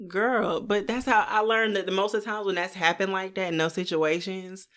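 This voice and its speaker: A soft-spoken woman, chatting casually as a podcast co-host and laughing often. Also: medium pitch, fairly even intonation, moderate pace. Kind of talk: casual chat.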